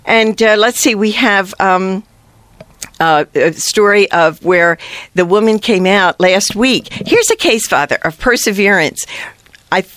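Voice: medium pitch, unhurried, a bit bright, no echo. Earnest chatty storyteller, dry sound. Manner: chatty and earnest, with many restarts. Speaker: pro-life sidewalk counselor. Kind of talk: telling stories to a priest on a talk show.

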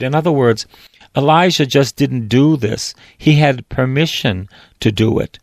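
A man's voice: mid-range voice, a little slow, dry recording. A priest preaching a sermon, reading scripture aloud and breaking off to explain it, lifting his voice when he quotes God or a prophet.

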